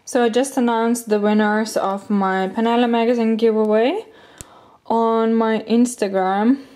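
A woman's voice: fairly high pitch, steady tone, a little slow, noisy background. Chatty young Lithuanian-born woman vlogger. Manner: chatty storytelling with many fillers. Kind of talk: casual vlog chat.

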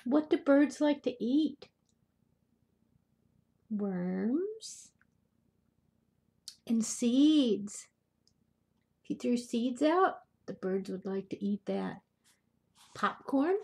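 An older grandmother reads a picture book aloud to children. Her voice sits a little high, and she takes her time. She stops often to chat and to ask the little listeners questions. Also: expressive, drawn-out words, creaky, pauses often, husky. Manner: gentle, chatty, asks the young listeners questions. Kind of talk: storybook read-aloud for children.

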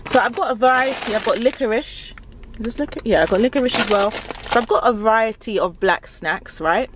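A woman's voice: on the high side, brisk, noisy background. A young woman vlogging casually to her own camera, rambling and chatty and often laughing. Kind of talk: casual vlog chat to camera.

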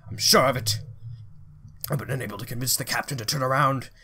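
A man voicing a worried male ship passenger writing to his wife, in a low, hushed voice that sinks toward a whisper. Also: brisk, husky. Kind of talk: reading a game note aloud.

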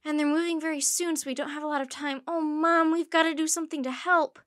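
A woman voicing an eager young girl who loves animals, talking in excited, pleading bursts. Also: high voice, normal speed, no echo, studio quality, pitched above the performer's own voice.

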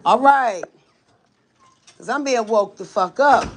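A woman on a phone livestream in a hotel hallway, loud and profane, repeating the same orders over and over. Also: a little high, takes it slowly. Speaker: livestreamer intervening in a dispute.

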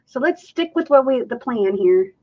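A woman's voice: fairly high pitch, lively intonation, moderate pace, muffled recording. A woman hosting a live craft demonstration, chatting casually and thinking aloud as she mixes and counts. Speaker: acrylic pouring artist hosting a live stream.

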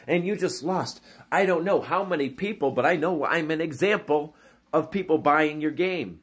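A man's voice: a little high, moderate pace, husky. Exasperated man ranting about games. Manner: animated, exasperated, with frequent restarts. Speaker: gaming YouTuber. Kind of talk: casual rant to camera.

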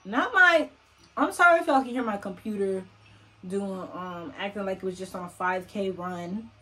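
With a bright, pushed, medium-pitched voice at normal speed, a young gaming YouTuber casually comments on her let's-play at the computer. Faint game music runs underneath as she chats with viewers and coaxes and teases the in-game characters.

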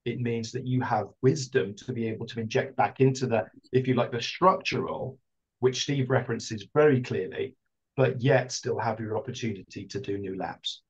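A man's voice: medium pitch, moderate pace, slightly rough, dull audio. A man, earnestly telling a story in a panel discussion, his speech full of hedging fillers. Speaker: round table guest.

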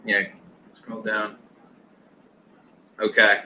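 A man co-hosting a casual toy chat, speaking in a relaxed, offhand way with some casual swearing. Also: fairly low pitch, drawn-out words, slight background noise, low-quality recording. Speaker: co-host on live chat. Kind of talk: casual live chat about toys.

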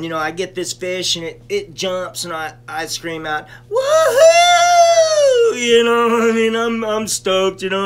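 A man's voice: high voice, sharp tone, smooth. A man hosting a casual live stream, telling rambling stories full of "you know" and breaking off to greet viewers by name. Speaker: stream host reviewing cannabis.

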